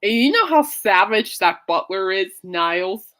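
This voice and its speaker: On her casual podcast, a woman chats and rambles, breaking into laughter often. She sounds expressive, mid-range and fairly bright, speaking a little slowly.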